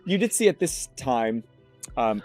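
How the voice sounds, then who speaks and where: A man running a tabletop game as game master, narrating scenes with unhurried description. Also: medium pitch, very animated, darkish tone, soft background music.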